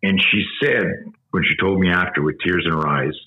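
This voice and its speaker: Deep-voiced man telling an intense story. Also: moderate pace, dull audio. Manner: emphatic, profane, vivid storyteller. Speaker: guest, self-defense instructor. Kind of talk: intense storytelling in a podcast interview.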